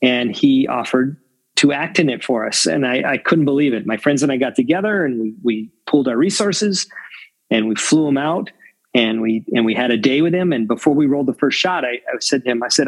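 Husky-voiced veteran man, reflective. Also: medium pitch, a little fast, rough recording. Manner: reflective, rambling with many fillers. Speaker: film crew veteran, interview guest. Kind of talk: candid interview answers.

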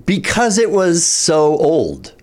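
A man's voice: a little high, huge pitch swings, slow pace, darkish tone. A man who works as a radio DJ, a guest in casual chat, with a dry, wry sense of humor.

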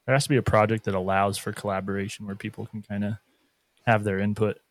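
A man, a guest on a podcast, talking casually and haltingly as he searches for words. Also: on the low side, level tone, no echo.

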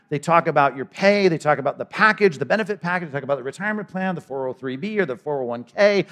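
A man delivers a sermon in a conversational, storytelling way. His voice sits a bit high for a man and rises and falls with a lot of life, and he drops into quick character voices to make his points. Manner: animated, acts out characters in conversational asides. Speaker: pastor. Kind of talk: expository sermon.

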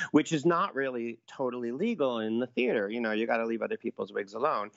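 A man's voice: medium pitch, fast talker, gravelly, fairly bright tone, no echo, muffled recording. A middle-aged man, an actor, chatting as an interview guest and telling stories in a campy, playful way. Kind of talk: casual interview chat.

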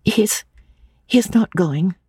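A woman voicing a nervous, flustered young woman who stammers in a high voice. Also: expressive, drawn-out words, darkish tone, slightly rough, no echo, studio quality, heavily acted.

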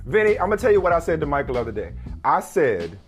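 Animated male sports debate host. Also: on the high side, faint music behind. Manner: animated, laughing, rapid back-and-forth.

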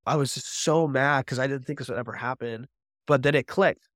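Brief: male podcast guest, animated storyteller who acts out his own dialogue, mid-pitched voice, close dry sound. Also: brisk, no echo. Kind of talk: personal recovery story.

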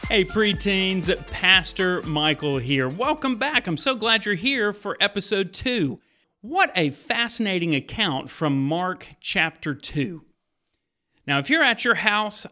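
A man, a pastor and podcast host, telling a Bible story to preteens in a lively, vivid second-person style. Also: sits high.

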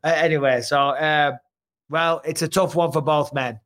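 Podcast host guy, fairly high voice, keeps asking right?, punchy. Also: fairly even intonation, moderate pace, fairly bright tone. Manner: emphatic, talks with tag questions. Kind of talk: casual podcast chat.

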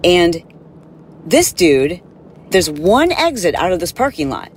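A woman hosting a podcast, telling an animated, exasperated story in a casual monologue and acting out the people in it. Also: on the low side, takes it slowly, a little hiss or hum. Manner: animated, exasperated, acts out quotes. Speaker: podcast host.

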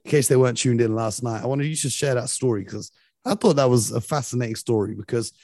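A young man in his late twenties co-hosting a casual sports podcast, eager and animated. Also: mid-range voice, quick pace, dry recording. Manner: enthusiastic, animated, leads the conversation. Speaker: podcast co-host.

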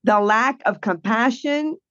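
A woman's voice: a little high, unhurried, a bit bright, no room sound, lo-fi sound. A woman guest telling her caregiving story in a blunt, indignant way. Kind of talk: emotional personal account.

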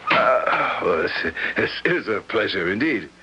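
Cast: polite skeptical gentleman, lowish voice, lo-fi old radio recording. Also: sing-song, heavy background noise. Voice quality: polite, measured, slightly formal. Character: sophisticated man from Moscow, curious and skeptical. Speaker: narrator and lead character. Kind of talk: 1970s radio drama acting and narration. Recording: dull lo-fi old radio broadcast.

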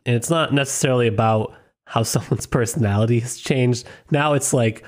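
A man co-hosting a relaxed book-discussion podcast, a bit congested and stuffy. He rambles casually, jokes a lot and laughs easily. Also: medium pitch, a little fast. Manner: jokey, laughs often, rambling. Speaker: podcast co-host. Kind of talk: casual book-club chat.

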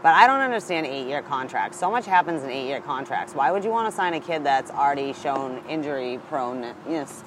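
A man's voice: medium pitch, lively intonation, brisk, hardly any pauses, noisy background. A man co-hosting a casual sports talk show, chatty and upbeat with lots of "like" in his talk. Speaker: co-host of a hockey talk show. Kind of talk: casual chat.

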